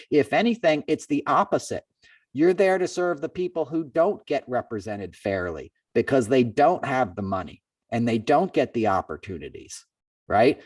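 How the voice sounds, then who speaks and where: A man hosting a podcast, telling a long story in a loose, chatty way. He jumps higher when he quotes others and sits a little back from the mic. The room sound is dry. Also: dry recording, far from the mic. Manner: animated, acts out quoted people in a raised voice. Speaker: podcast host. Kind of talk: casual storytelling chat.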